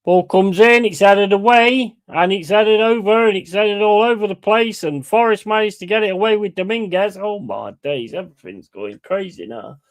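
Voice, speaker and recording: A man hosting a football watch-along, calling play-by-play in a blunt, excitable and heavily sweary way. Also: high-pitched, moderate pace, hardly any pauses. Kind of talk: live match commentary.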